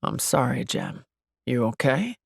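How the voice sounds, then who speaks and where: Gentle young man with a gruff low voice, as a female narrator puts him on, kind and caring. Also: big pitch swings, measured pace, dry recording, studio quality, heavily acted. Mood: concerned. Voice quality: low and gravelly.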